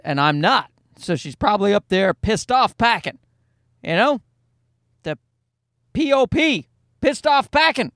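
High-voiced man rambling sarcastically on a podcast. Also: a bit bright, no echo, clean studio sound. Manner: rambling, sarcastic, jokey asides with put-on voices. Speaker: podcast host. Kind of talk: casual comedic monologue. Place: at home.

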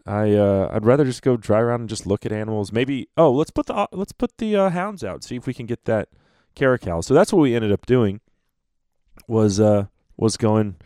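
Low-voiced male hunting storyteller. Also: clean tone, no echo, studio quality. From North America. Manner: animated storyteller, acts out quotes, laughs often. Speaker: podcast host.

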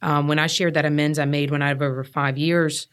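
Earnest low-voiced woman telling her story. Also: steady tone, fairly quick, clean tone. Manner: earnest, emphatic, repeats herself when stressing a point. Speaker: guest sharing recovery story. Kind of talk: candid personal storytelling.

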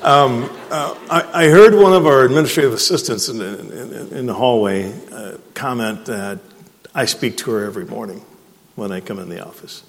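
A man's voice: mid-range voice, normal speed. A man, a chief executive, speaking plainly to a live breakfast audience and repeating words as he searches for them. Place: event hall. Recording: long reverb of a hall.

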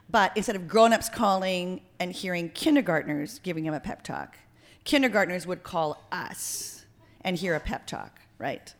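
Woman, host, comedic podcast banter, jokey, animated, playful. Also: fairly low pitch.

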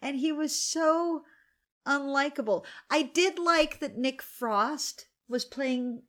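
A woman's voice: high voice, slow pace, a bit bright. Grumbling woman in her forties. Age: 40s. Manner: candid, grumbling, swears freely. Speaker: podcast co-host. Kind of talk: casual chat over wine.

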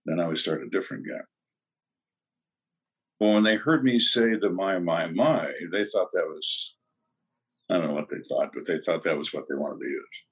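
A gravelly-toned older man with a deep, husky voice tells cop stories in an interview. His delivery is dry and deadpan, and he acts out both sides of the conversations. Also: normal speed, long pauses. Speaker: retired detective guest. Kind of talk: storytelling interview answers.

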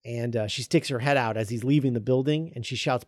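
A man's voice: medium pitch, dry recording. A man in casual podcast chat, retelling a film scene by scene with frequent ums and stalls. His voice sits in a middling register. The recording is very dry, with no room sound. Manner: halting, full of ums and uhs, reads quoted lines flatly.

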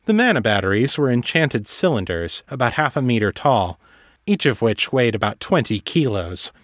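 A man narrating a fantasy story in a measured, even way. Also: medium pitch, no room sound, studio quality. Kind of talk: scripted audiobook narration.

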